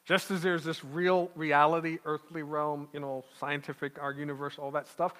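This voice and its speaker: A man's voice: a little high, level tone, moderate pace, a bit bright. A man preaching as a pastor, talking conversationally with asides and restarts. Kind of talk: sermon. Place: church sanctuary. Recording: long church reverb.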